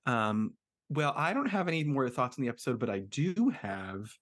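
A man's voice: medium pitch, sing-song, moderate pace, fairly bright tone. A man co-hosting a podcast, chatting casually and making wry jokes. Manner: joking, wry asides. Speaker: podcast co-host. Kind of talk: casual chat.

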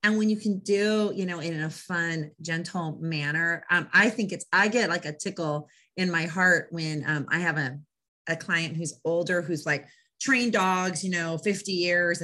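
A woman dog trainer hosts a relaxed interview. She talks with eager enthusiasm and tells lively stories about her clients. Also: on the low side, moderate pace. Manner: enthusiastic, animated storyteller. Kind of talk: casual interview chat.

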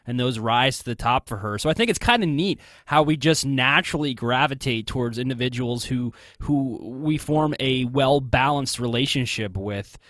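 A man's voice: mid-range voice, moderate pace, few pauses, fairly bright tone, dry recording, clean studio sound. A man hosting a podcast, asking questions in an enthusiastic, conversational way. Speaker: podcast host. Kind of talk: podcast interview.

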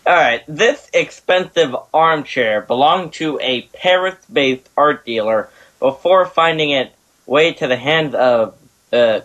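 A man's voice: medium pitch, a bit bright, highs cut off. A man hosting a casual chat show, reading out facts with stumbles and laughing easily. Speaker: podcast host.

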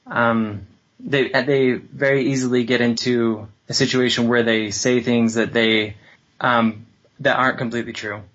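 A man talking as an interview guest, reflective and measured, pausing often with fillers as he picks his words. His audio is a little dull and lo-fi. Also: medium pitch, fairly bright tone. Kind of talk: reflective conversation.

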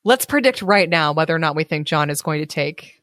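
A woman co-hosting a casual podcast, reading a fairy tale and breaking off to chat. She is animated and laughs easily. Her voice sits slightly low and sounds dry and close. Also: a little fast, no room sound. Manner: animated, laughs often, chatty. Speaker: podcast co-host and story reader.

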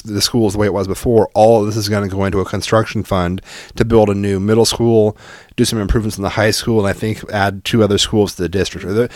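Fast-talking, profane middle-aged man telling stories. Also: fairly low pitch, dry recording, studio quality. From Oregon, US. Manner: profane, animated, lots of fillers. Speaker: podcast co-host. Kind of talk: casual storytelling chat.

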